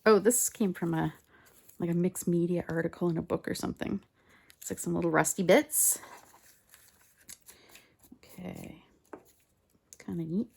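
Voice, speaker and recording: Chatty woman with a gravelly low voice. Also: moderate pace, pauses often. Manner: chatty and rambling, mutters softly to herself while working. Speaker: collage artist. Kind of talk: casual crafting chat. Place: home craft table, indoors. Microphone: phone on a mount.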